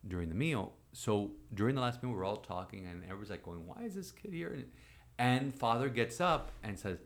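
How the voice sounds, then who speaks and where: Man, 40s, priest, fairly low voice, animated storyteller. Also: fairly quick. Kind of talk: storytelling in conversation.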